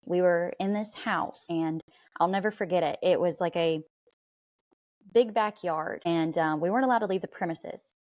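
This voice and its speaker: A woman guest on a podcast interview, speaking in a reflective, earnest way with soft fillers. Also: lowish voice, normal speed, no echo.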